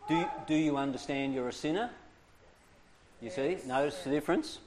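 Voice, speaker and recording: A man's voice: on the high side, moderate pace, noisy background. A man leading a training class for church teachers, coaxing his listeners along and checking in with them often. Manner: lively, coaxing, keeps checking in with "okay?".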